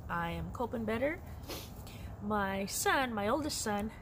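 A middle-aged woman with a mid-range voice chats candidly in her personal crochet vlog, animated and at a measured pace. She laughs often in this casual talk, recorded against a noisy background.

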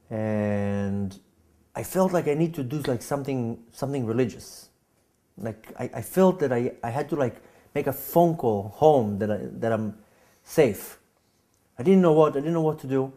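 A man telling a personal story, with a halting manner full of repeats and restarts, getting animated as he acts out scenes. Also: mid-range voice. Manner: animated when acting out scenes. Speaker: speaker giving a personal testimony.

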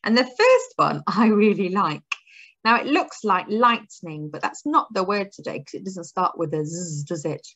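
A woman's voice: mid-range voice, very animated, moderate pace, fairly bright tone. A woman teaching a phonics lesson to young children, drawing out her words in a sing-song, encouraging way. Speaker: early years teacher.

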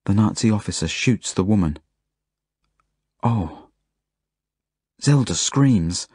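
A man reading an audiobook as a first-person narration, in plain, measured storytelling. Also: fairly low pitch, animated, warm tone, slightly rough, dry recording, clean studio sound. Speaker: audiobook reader.

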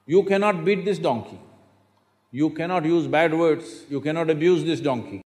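A man voicing a shrewd male donkey seller who speaks bluntly and deadpan, in a reverberant hall. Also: on the high side, moderate pace, natural voice.

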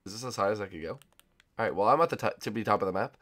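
Animated young man gaming on camera. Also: lowish voice, fast. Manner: excitable, shifts between loud shouts and muttering. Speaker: gaming YouTuber. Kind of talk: casual let's-play commentary.

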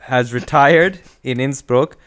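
A man co-hosting a podcast who explains the plot in a relaxed, joking way. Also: mid-range voice, takes it slowly. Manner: explains plot points, laughing, swears. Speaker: podcast co-host. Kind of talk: casual comedic chat.

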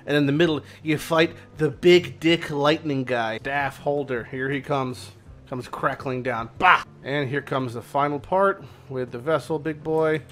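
A man streaming a video game who comments excitedly and swears at rare loot. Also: on the high side, measured pace. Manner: excitable, swears often, shouts in surprise. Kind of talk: gameplay commentary.

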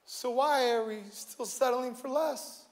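High-voiced animated male pastor. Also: measured pace. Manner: animated, jokey preaching that swings between loud and hushed. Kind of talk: sermon. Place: church stage before a live congregation.

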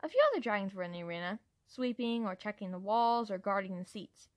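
A woman's voice: medium pitch, fast talker, a little mellow, no room sound. A woman reading a novel aloud as a fan narrator, in a plain voice that sometimes stumbles over words. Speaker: fan reader. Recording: dry home recording.

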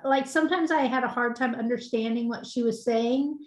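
A woman teacher sharing a classroom story, halting and full of fillers. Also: on the high side, roomy sound. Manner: halting, many fillers and likes. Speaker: religion teacher. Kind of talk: casual sharing in a meeting.

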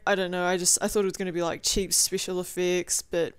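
A woman's voice: lowish voice, level tone, fast, clear, resonant tone, no room sound. A young woman in a casual video diary, rambling and swearing freely with lots of "like" and "you know", recorded at home. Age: young adult. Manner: rambling, profane, filler-heavy with lots of "like". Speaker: vlogger.

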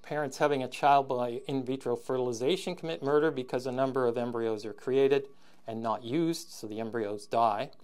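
A man giving a recorded university lecture, halting with many ums and frequent throat clearing, with wry, sardonic asides. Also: mid-range voice, steady tone, darkish tone. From Canada.

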